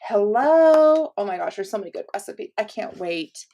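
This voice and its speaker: A woman's voice: medium pitch, steady tone, fast, gravelly, darkish tone. A woman in the middle of her range, chatting casually at home as she unboxes gifts for her viewers. She gushes freely, gasping and laughing between exclamations. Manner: chatty and gushing, with gasps, laughs and "oh my gosh". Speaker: channel host.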